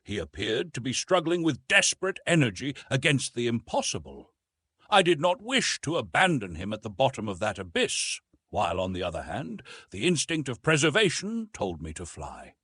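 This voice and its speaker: Husky man narrating an audiobook. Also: medium pitch, dry recording. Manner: expressive, measured storytelling. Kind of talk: scripted narration of a classic novel.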